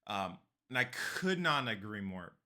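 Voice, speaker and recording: Bright-voiced male podcast host. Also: fairly low pitch, big pitch swings, measured pace. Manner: agreeable, emphatic affirmations. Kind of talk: casual interview chat.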